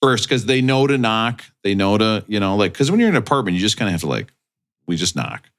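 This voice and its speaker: Low-voiced man telling crude stories. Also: sing-song, fast talker. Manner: crude storytelling, bursts of loud laughing delivery. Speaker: podcast co-host. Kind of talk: casual comedic banter.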